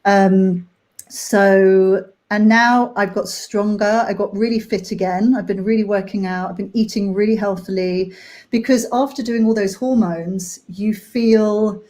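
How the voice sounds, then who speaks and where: A young woman talking candidly and emotionally about a hard personal time, halting with many fillers. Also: medium pitch, fairly even intonation, a little mellow. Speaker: nanny sharing her story.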